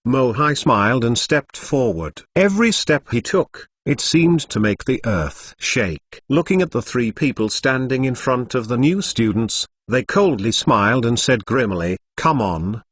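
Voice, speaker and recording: A synthetic male voice narrating a translated web novel in an even, machine-read delivery. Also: medium pitch, unhurried, hardly any pauses, slightly rough. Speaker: audiobook narrator.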